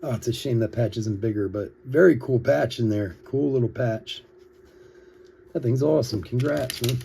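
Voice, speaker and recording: A man's voice: medium pitch, normal speed, vocal fry, warm tone, breathy edge. A middle-aged man hosting a card-break livestream, telling stories with many laughs while calling out names between his asides. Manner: chatty storytelling, laughs often, reads names between asides. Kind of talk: casual livestream chat while opening cards.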